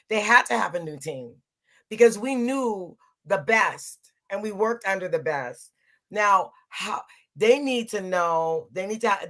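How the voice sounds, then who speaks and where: A woman's voice: medium pitch, sharp tone. A middle-aged woman co-hosting a podcast in casual chat, laughing often and repeating herself for emphasis. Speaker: podcast co-host.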